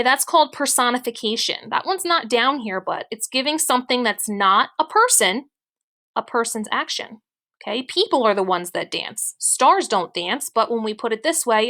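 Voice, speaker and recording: Bright-voiced woman teaching young kids. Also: on the high side. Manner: patient, explains step by step, frequent "okay". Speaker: elementary school teacher. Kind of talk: recorded online mini-lesson.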